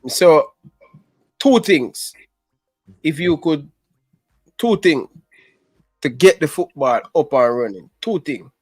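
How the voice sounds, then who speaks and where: A man's voice: fairly high pitch, big pitch swings, slow, pauses often, a little mellow, husky, no echo, faint music behind. A man with a Jamaican accent talking football as a guest, using patois grammar and hesitating often. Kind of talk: casual chat.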